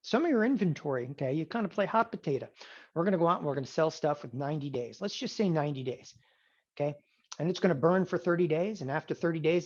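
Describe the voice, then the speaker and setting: A man teaching an options trading class, animated and sarcastic, often acting out students' voices. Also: on the high side, fast. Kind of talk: classroom lecture. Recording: dull lo-fi sound.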